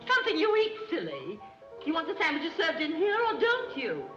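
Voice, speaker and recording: An actress playing a scatterbrained wealthy society matron who chatters in a dithery, rambling way, in a 1930s film comedy. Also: female voice, high-pitched, wildly swooping pitch, moderate pace, lo-fi sound. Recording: scratchy 1930s film soundtrack with music.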